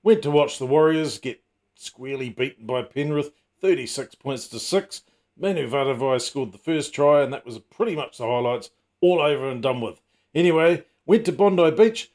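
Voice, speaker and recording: A man's voice: fairly high pitch, animated, normal speed, a little mellow. A middle-aged man hosting a casual comedy vlog, full of wry, self-mocking asides and teasing jokes. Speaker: channel host.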